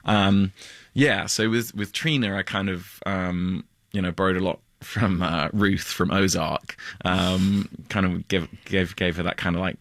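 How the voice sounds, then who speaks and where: A man from the UK, an actor talking in a casual interview, halting and laughing often. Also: deep voice, fairly even intonation, a bit bright, dry recording, clean studio sound. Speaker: actor guest.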